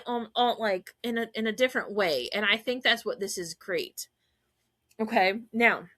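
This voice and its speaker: A woman hosting a podcast, gushing and laughing as she recaps scenes and acts out quotes in quick voices. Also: on the high side, pushed and bright. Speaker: podcast host. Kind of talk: excited fan recap chat.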